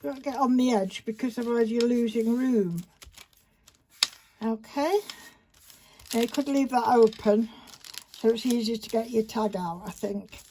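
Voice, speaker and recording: A woman's voice: on the high side, measured pace, long pauses, warm tone. A woman chatting casually while she demonstrates a paper craft project, rambling and talking to herself as she works, recorded on a phone camera. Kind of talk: casual craft tutorial chat. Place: indoors at a craft table. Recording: faint background noise with paper crinkling.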